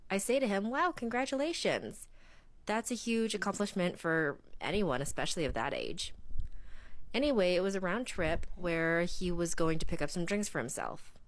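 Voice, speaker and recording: A woman who drives for a rideshare service, telling a story in a brisk, wry way. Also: lowish voice, animated, dry recording. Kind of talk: storytelling to camera.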